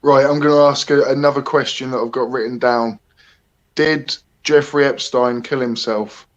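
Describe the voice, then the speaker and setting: Male streamer, chatty host, mid-pitched voice, dull lo-fi audio. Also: steady tone, moderate pace. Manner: chatty, hesitant, greets viewers by name. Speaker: livestream host. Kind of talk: casual live-stream chat.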